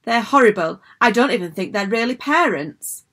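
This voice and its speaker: A woman's voice: medium pitch, big pitch swings, normal speed, fairly bright tone, husky. A woman voicing an impatient, fierce young schoolgirl in a storybook reading, talking bluntly and urgently.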